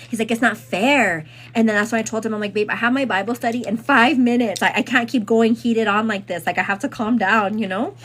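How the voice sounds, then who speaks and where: A woman host retelling a story in casual chat, rambling and animated, with lots of fillers. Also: fairly high pitch.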